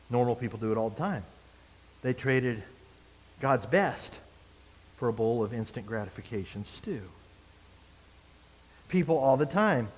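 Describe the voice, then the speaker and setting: A man preaching a sermon as a pastor, animated, acting out the people he quotes. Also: mid-range voice, big-room sound.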